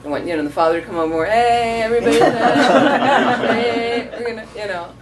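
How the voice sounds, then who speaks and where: A woman's voice: on the low side, very fast, crowd noise. A woman Buddhist teacher answering audience questions in a rambling, storytelling way, acting out quotes. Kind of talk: casual dharma talk. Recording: distant mic, noisy room.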